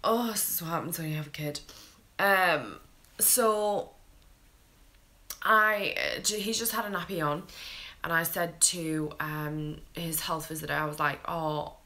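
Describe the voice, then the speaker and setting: A British woman with a low, deep-set voice talks straight to camera like a tired young mother. She is frank and unfiltered and swears freely as she tells her story in a casual vlog. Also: unhurried, bright, forceful tone. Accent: British English. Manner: blunt, candid, swears freely.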